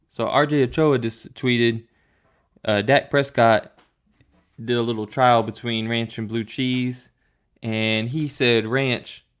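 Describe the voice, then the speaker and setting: A man's voice: medium pitch, clean tone. Laid-back podcast co-host, a man. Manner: laid-back, laughs while telling stories. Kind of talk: casual chat. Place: Tennessee.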